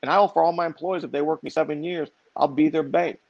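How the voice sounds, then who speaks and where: A man with a gravelly, creaky voice, speaking as an interview guest who tells his stories with lively energy and repeats phrases for emphasis. The sound is dry and a little muffled, like a lo-fi recording. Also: a little high, fast talker, no echo. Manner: animated, repeats himself for emphasis. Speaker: guest, business owner. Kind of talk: conversational storytelling. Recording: dry, slightly dull lo-fi sound.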